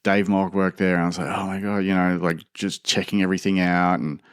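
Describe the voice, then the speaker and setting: Low-voiced Australian man telling stories. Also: fairly quick, clear, resonant tone, no room sound, clean studio sound. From Sydney, Australia. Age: 50s. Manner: animated, full of restarts and laughter. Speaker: podcast guest, skater and skatepark designer. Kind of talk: casual storytelling.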